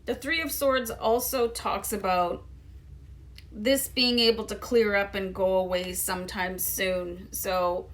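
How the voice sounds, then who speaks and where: A woman's voice: medium pitch, steady tone, slow. A woman giving a casual tarot card reading to her viewers in a loose, chatty way with many fillers. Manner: chatty, loose, lots of "you know" and "um". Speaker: tarot reader.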